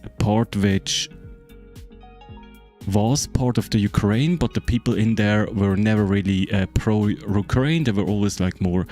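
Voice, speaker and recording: A man's voice: on the low side, measured pace, a little mellow, soft background music. A German man whose first language is German, speaking with a German accent. He chats loosely to friends with lots of fillers, swearing, and repeated checks like "right?". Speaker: game streamer. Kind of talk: casual chat explaining a map to friends.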